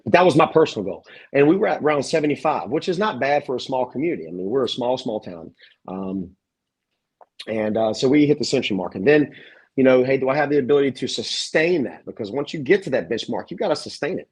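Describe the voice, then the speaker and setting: A man who owns a gym, talking earnestly in a casual interview, reflective and halting with frequent restarts. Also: medium pitch, lively intonation, a little mellow, breathy edge. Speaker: gym owner.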